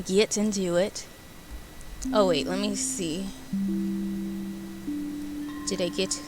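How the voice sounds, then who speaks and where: A young woman streamer chatting casually with her viewers, animated and giggly, rambling between topics. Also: mid-range voice.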